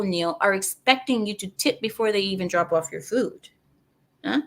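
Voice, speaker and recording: A woman from outside America hosting a channel, ranting in casual commentary and speaking straight to her viewers. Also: fairly high pitch. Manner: animated, ranting, asides to viewers. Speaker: channel host.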